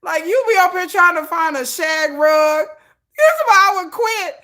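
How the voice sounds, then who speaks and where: A woman hosting casual pop-culture commentary, telling stories in an animated, colloquial way with frequent laughter. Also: very high voice, measured pace. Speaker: host.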